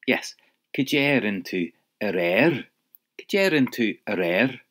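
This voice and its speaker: A man leads an audio language lesson. His voice is very low, and he talks slowly and patiently, stopping to let the listener try each phrase. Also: lively intonation, a bit bright. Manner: patient, prompting the listener to answer. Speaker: language teacher.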